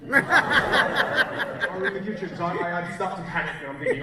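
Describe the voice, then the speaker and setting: A man's voice: high voice, moderate pace, pauses often, distant mic. Man telling a playful story in an echoey hall. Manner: self-deprecating, playful storyteller. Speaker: keynote speaker. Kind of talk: comic storytelling keynote. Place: large event hall. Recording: echoey hall, crowd laughter.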